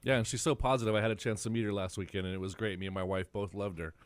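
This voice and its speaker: A man hosting a podcast, asking questions and reflecting on what his guest says in a measured way. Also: lowish voice, fairly even intonation, clean tone, dry recording. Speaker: podcast host. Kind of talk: podcast conversation.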